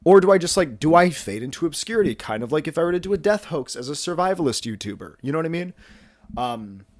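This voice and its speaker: A fast-talking young man, twenties, with a fairly high, animated voice rambles through a casual vlog at home while a bit out of breath. His self-deprecating humor comes wrapped in fillers and restarts. No room sound can be heard.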